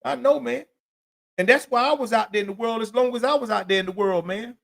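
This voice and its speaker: High-voiced man telling street stories. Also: fast, a bit bright. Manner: loose, profane street storytelling; rambling, repeats "you know what I'm saying". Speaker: podcast host. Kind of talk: solo podcast monologue.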